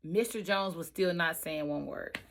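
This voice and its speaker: Bright-voiced woman telling her own story. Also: lowish voice, normal speed. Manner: emphatic, talks straight to the audience. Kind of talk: personal storytelling vlog.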